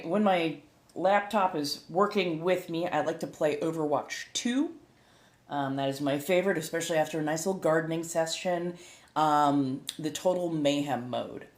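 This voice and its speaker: Chatty American streamer woman, low voice, loose rambling delivery, roomy echo. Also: moderate pace, darkish tone. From United States. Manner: rambling, laughs often, self-correcting. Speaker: streamer and tarot reader. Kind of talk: casual chat to live viewers. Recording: echoey room.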